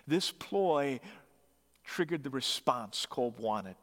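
A man's voice: mid-range voice, expressive, a little slow, a bit bright. A man preaching, telling a story dramatically with emphatic rising bursts. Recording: long hall reverb.

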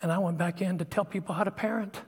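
Husky man preaching in a big hall. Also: high-pitched, steady tone, fast talker. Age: middle-aged. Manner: confessional, emotional, drops to whispers and surges louder. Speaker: pastor. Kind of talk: personal testimony sermon. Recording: long hall reverb.

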